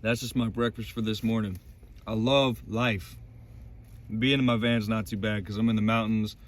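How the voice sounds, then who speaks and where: A man's voice: lowish voice, steady tone, normal speed. A man vlogging from inside his van in the mountains, giving casual motivational faith talk in an intense, emphatic way and swearing freely.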